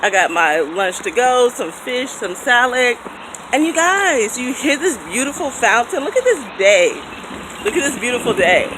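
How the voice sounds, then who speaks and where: Thirties woman, casual animated vlogger, phone at arm's length outdoors, loud ambient noise. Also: a little high, moderate pace. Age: 30s. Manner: chatty, animated, laughs often. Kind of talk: casual vlog chat. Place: outdoors in a city, by a fountain, then in a car. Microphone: phone held at arm's length. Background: street ambience, fountain, traffic.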